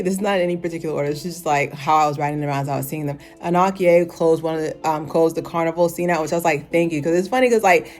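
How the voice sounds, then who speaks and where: A young woman with a slightly low voice talks through a fashion show review in a loose, chatty way. She uses lots of filler words and breaks into sudden high exclamations. Faint music plays quietly behind her. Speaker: vlogger.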